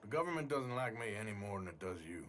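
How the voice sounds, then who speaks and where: A man playing a gruff, world-weary outlaw gunslinger in a video game cutscene, terse and guarded. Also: fairly low pitch, lively intonation, quick pace, fairly bright tone, slight background noise.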